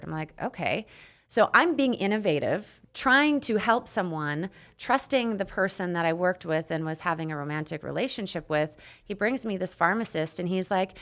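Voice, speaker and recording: Brief: woman from Canada, podcast guest, lower-pitched, frank storyteller who swears and plays out quotes. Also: expressive, brisk. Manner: candid, swears, acts out quoted dialogue. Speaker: podcast guest, nurse practitioner. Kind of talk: casual interview storytelling.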